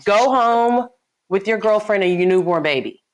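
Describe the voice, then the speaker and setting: A woman's voice: mid-range voice, lively intonation, normal speed. A woman guest in a casual chat, blunt and salty, often laughing. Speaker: guest co-host.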